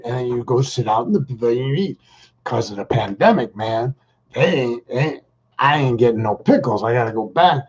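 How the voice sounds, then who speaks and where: A man's voice: medium pitch, darkish tone, breathy edge. A middle-aged man telling a rambling, jokey everyday story in casual slang. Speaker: vlogger. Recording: dull lo-fi recording.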